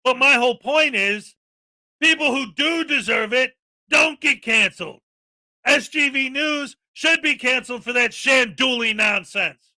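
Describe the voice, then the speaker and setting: A man's voice: very high-pitched, unhurried, bright, forceful tone, dry recording. A man hosting a daily live-stream, ranting with indignant sarcasm. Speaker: live-stream commentary host.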